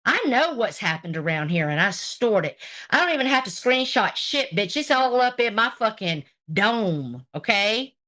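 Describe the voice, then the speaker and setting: A mid-range, sing-song voice at a moderate pace, bright and forceful, belongs to a woman hosting a livestream. Between greetings to her chat, she rants profanely and sarcastically at a rival, picking a fight.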